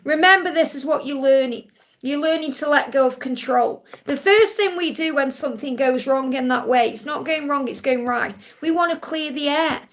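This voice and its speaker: A woman's voice: sits high, moderate pace, fairly bright tone. A woman hosting a live-stream Q&A, giving spiritual readings to viewers in a reassuring way, repeating key points and calling them honey.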